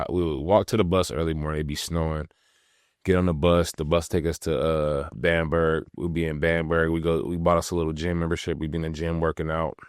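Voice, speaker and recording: A young man from California, a podcast host and former pro athlete, telling stories in relaxed slangy talk with frequent laughs. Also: a bass voice, clean tone, no room sound, clean studio sound. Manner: laid-back slangy talk, laughs often. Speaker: podcast host, retired pro basketball player. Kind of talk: casual storytelling.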